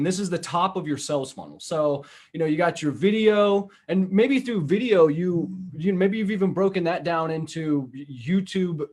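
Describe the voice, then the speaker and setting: A man's voice: a little high, darkish tone. A man chatting on a podcast in a loose, blunt way, full of fillers and the odd curse. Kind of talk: casual podcast chat.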